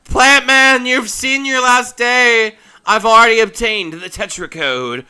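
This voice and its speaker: A man voicing a pompous male plant robot villain who makes grandiose, menacing taunts in a loud, bright voice. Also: very high-pitched, measured pace, clear, resonant tone, voice pushed up, exaggerated voice. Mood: gloating.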